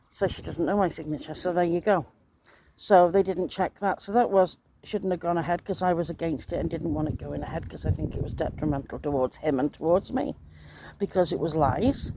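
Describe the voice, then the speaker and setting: A woman's voice: lowish voice, a little fast. A middle-aged woman talks in a distressed, rambling personal monologue, repeating herself often. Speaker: vlogger. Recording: noisy background ambience.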